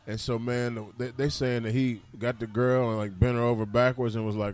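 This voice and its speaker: A man's voice: mid-range voice, flat delivery, normal speed, a little mellow. A man hosting a talk radio show, speaking loosely in slang and rambling with frequent restarts. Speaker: radio host.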